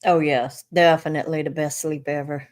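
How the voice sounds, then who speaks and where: A woman's voice: low-pitched, flat delivery, moderate pace, darkish tone. A woman co-hosting a casual live stream, chiming in with short agreeing remarks. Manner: brief agreeing interjections. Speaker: co-host, energy healer.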